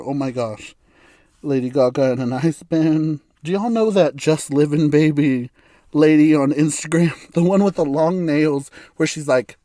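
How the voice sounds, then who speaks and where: A man hosting a solo podcast speaks his mind in a candid, blunt monologue, swearing freely and breaking into laughter. His voice sits somewhat high for a man. The sound is dry and close, with no room echo. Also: mellow. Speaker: podcast host.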